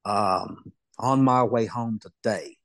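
Low, dry-voiced man. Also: slow pace, a bit bright, dry recording. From Southeast Kentucky. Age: middle-aged. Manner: folksy, rambling, self-amused. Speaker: podcast guest. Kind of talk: casual storytelling.

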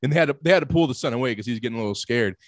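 A man's voice: medium pitch, expressive, very fast, no room sound, studio quality. A man chatting casually as a podcast co-host, rambling and swearing, with lots of filler words. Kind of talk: casual chat.

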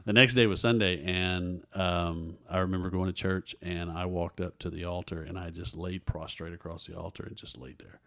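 A man's voice: deep voice, steady tone, normal speed, few pauses, fairly bright tone. A man, a guest earnestly telling a personal story in an interview and acting out what others said. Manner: earnest storyteller who acts out others' dialogue.

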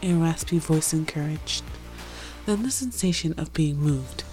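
A woman's voice: low voice, unhurried, soft background music. A woman chatting casually with fillers, then reading a romance story aloud. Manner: chatty, filler-heavy intro then steady narration. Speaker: fan fiction reader.

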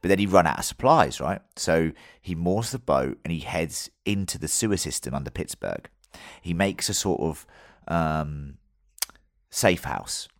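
A man's voice: sits low, big pitch swings, a little slow, no echo, studio quality. A man hosting a podcast, telling a story loosely with plenty of fillers and the odd swear word. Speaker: podcast host. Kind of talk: casual podcast chat.

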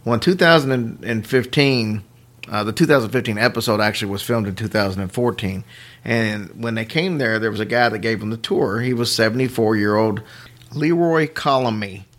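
Animated male podcast host. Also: on the low side. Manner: animated, quick asides and chuckles. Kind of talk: casual podcast chat and storytelling.

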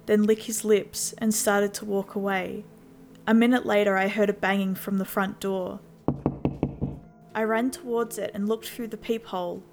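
A woman narrating a first-person horror story in a steady storytelling voice. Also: mid-range voice. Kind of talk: scripted scary story narration.

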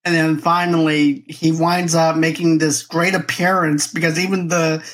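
A man guesting on a podcast, chatting about a movie and quickly recalling scenes. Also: on the high side, little pitch movement, fairly bright tone. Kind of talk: casual movie review chat.

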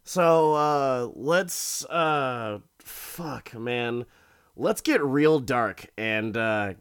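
A host reviewing a show episode in a casual monologue, swearing a lot, sounding exasperated and laughing, with many halting restarts. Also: mid-range voice.

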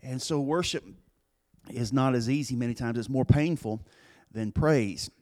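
A man preaching a sermon as pastor, earnest and plain-spoken, telling a story with pauses and restarts. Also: medium pitch, darkish tone.

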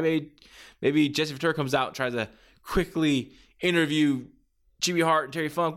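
A man's voice: on the high side, fairly quick. A man hosting a podcast, talking casually and enthusiastically, rambling and acting out bits as he goes. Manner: rambling, enthusiastic, acts out quotes. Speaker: podcast host.

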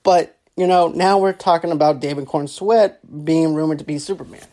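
A woman with a low, dark voice talks at normal speed, giving rambling, casual commentary on a movie. Repetition runs through her speech, as she stacks fillers and keeps saying "actually" and "go on ahead."

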